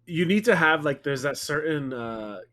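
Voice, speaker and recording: A man's voice: on the high side, expressive, normal speed, a bit bright, no echo. A man hosting a podcast, chatting with a former student in an upbeat, encouraging way. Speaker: podcast host. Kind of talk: casual interview chat.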